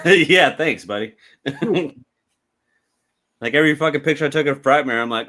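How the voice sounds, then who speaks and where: A man's voice: on the high side, slow pace, pauses often, fairly bright tone. A man co-hosting a casual movie review podcast, joking around, laughing often and swearing freely. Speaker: podcast co-host.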